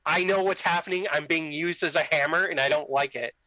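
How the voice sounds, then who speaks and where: A young man telling a story in casual chat, animated, acting out the dialogue with lots of "like" fillers. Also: a little high, a little fast, no echo, rough recording. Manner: animated, acts out quoted dialogue, many "like" fillers. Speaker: podcast guest telling a story.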